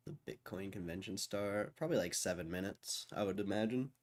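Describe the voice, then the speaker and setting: A man's voice: low-pitched, fairly quick. A man hosting a livestream, rambling and joking crudely while bored and waiting. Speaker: livestream host. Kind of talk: casual livestream chat.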